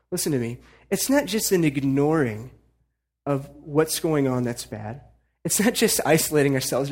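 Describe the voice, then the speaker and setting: A man preaching a sermon in a conversational way, at times building to emphatic urging. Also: a little high. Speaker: pastor.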